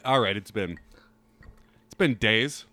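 Lively laughing young man on a podcast. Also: fairly low pitch, slow. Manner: laughing, acts out quotes in mock voices. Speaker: podcast co-host. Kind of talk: casual podcast banter.

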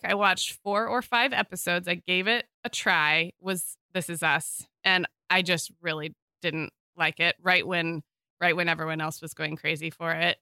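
A woman co-hosting a podcast with a bright, crisp voice that sounds smooth. She talks in an easygoing way, laughs easily and chimes in to agree. The sound is dry and close, with no room echo. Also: on the low side. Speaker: podcast co-host. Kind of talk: casual chat.

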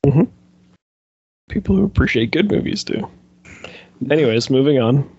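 Husky guy rambling casually, dry dull lo-fi sound. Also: medium pitch, lively intonation, moderate pace, darkish tone, no echo. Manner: rambling, filler-heavy, laughing. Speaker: podcast co-host. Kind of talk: casual chat.

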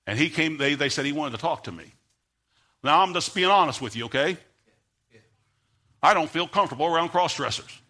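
American man, preacher, bright forceful voice, storytelling sermon that swells into fiery preaching. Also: a little high, lively intonation, brisk, pauses often. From United States. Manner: builds from quiet storytelling to loud, fervent preaching.

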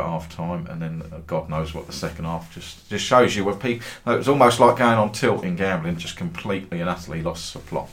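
A man's voice: a bass voice, a bit bright. A middle-aged man who hosts a football trading group, telling meandering anecdotes with dry humour and casual swearing.

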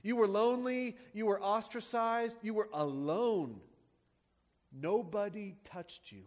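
A man's voice: sits high, slow pace. A man preaching a sermon as a pastor, praying and then teaching with rhetorical questions and emphatic repetition.

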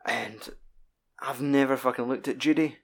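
A man's voice: mid-range voice, fairly even intonation. A man in casual podcast chat, rambling and sweary. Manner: sweary, rambling, quick bursts.

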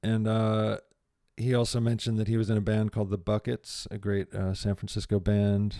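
A man's voice: lowish voice, completely flat delivery, normal speed, mellow, no echo, studio quality. A man hosting a casual chat, friendly and encouraging toward his guest. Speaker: host.

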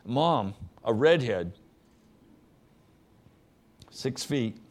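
A middle-aged man preaching a sermon as pastor, earnest, often dropping to a soft, low voice. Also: expressive, drawn-out words.

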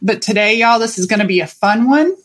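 A woman hosting a podcast as a life coach, talking in an animated, chatty and playful way and swearing casually. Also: a little high, a little fast. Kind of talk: solo podcast monologue.

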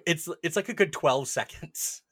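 A man's voice: fairly high pitch, lively intonation, normal speed, a bit bright, breathy edge, dry recording. A man co-hosting a casual podcast, chatting and analyzing a film scene in detail. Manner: chatty, analytical, quotes film lines in mock voices. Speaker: podcast co-host.

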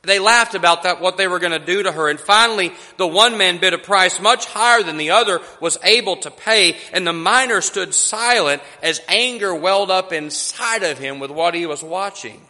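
Male preacher, high bright voice, slow deliberate sermon storytelling, long church-hall reverb.

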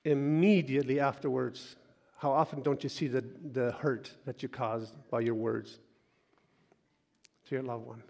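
A man preaching a sermon, moving between loud urging and soft, hushed asides. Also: mid-range voice, fairly even intonation, measured pace, gravelly. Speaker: pastor. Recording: long hall reverb.

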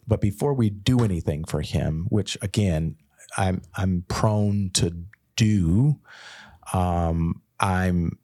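A man, a pastor co-hosting a Bible podcast, talking in a thoughtful, halting way with frequent restarts. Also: low-pitched, mellow. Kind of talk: casual Bible discussion.

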